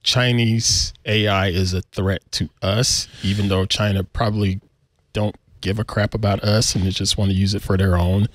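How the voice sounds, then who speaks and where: A man's voice: on the low side, little pitch movement, normal speed, slight background noise. A man co-hosting a casual tech panel, blunt and irreverent, swearing casually. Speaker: co-host.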